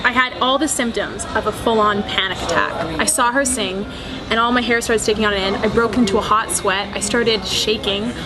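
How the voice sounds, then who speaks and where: A young adult woman who works as an actress and screenwriter answers interview questions with chatty enthusiasm. She laughs often and keeps restarting her sentences, and her voice sits on the high side.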